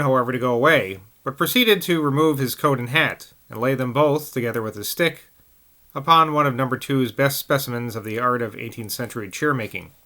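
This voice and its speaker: A man's voice: mid-range voice, bright, forceful tone. A man reading a novel aloud, carefully, with occasional slips and restarts. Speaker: audiobook reader.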